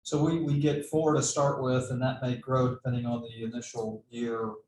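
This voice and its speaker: A man's voice: medium pitch, level tone, normal speed, recorded from a distance. A man on a board asking direct questions in a meeting. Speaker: board member. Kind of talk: meeting discussion. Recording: echoey room, off-mic, faint noise.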